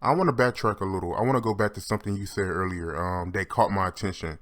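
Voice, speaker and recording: Deep-voiced male interviewer. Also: fast talker, fairly bright tone. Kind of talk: interview questions.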